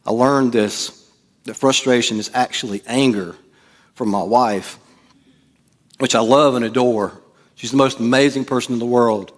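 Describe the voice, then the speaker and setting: Preaching in a church, this pastor takes a casual, joking approach and performs the quotes he cites. His medium-pitched voice has fairly even intonation, moving at normal speed with frequent pauses.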